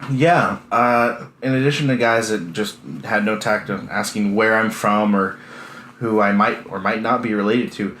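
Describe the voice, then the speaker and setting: A man in his early twenties with a deadpan, self-deprecating way of rambling through a casual comedic monologue. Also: on the low side. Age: early 20s. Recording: echoey room with faint hiss.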